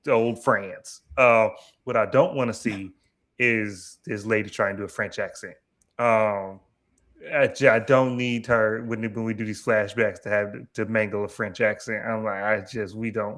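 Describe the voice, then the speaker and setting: Halting man in casual recap talk. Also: medium pitch, a bit bright. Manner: halting, restarts, conversational. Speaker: podcast co-host.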